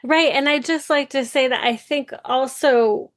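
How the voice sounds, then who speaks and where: Woman podcast host, somewhat high-pitched, thoughtful and halting, feels her way through questions. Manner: hesitant, searching for words. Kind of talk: conversational interview.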